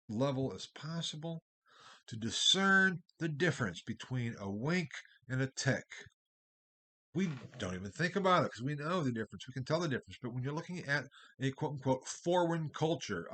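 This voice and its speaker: His voice is husky and medium in pitch as he delivers a recorded university history lecture. The talk is discursive, with big swings in loudness.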